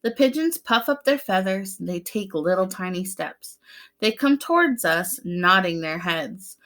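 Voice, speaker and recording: A young woman with a clear, bright voice reads a picture book aloud to little children. She speaks like a gentle teacher, stopping to explain the pictures and ask questions. She playfully imitates the sounds from the story. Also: mid-range voice, lively intonation, a little slow. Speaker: preschool teacher.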